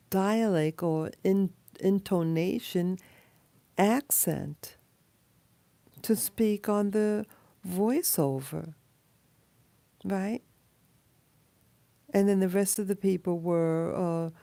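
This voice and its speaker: A woman speaks in an unhurried, rambling monologue, low in pitch and mellow in tone. She trails off often, restarting phrases and filling gaps with ums and uhs. The sound is dry and close. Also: no room sound. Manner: rambling, halting with many fillers and restarts. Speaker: video blogger. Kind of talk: casual monologue to camera.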